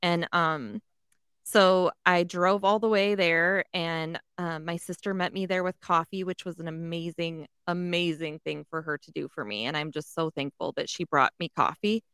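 A woman's voice: on the low side, moderate pace, clear, resonant tone, dry recording, clean studio sound. Swearing Texas woman telling a story. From San Antonio area, Texas. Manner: animated, swears freely, acts out other people's lines. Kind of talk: casual storytelling chat.

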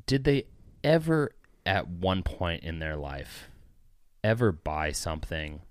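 A man's voice: deep voice, animated, slow, no echo. A man co-hosting a podcast with brash, sarcastic, profane commentary in a studio. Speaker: podcast co-host. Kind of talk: casual comedic commentary.

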